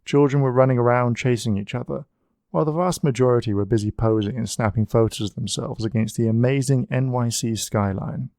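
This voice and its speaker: A man reading a storybook aloud in a steady, even way. His voice is mellow and warm, sitting at an ordinary middle pitch. The recording is dry and close. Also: fairly quick, no room sound. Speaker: audiobook narrator. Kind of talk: storybook narration.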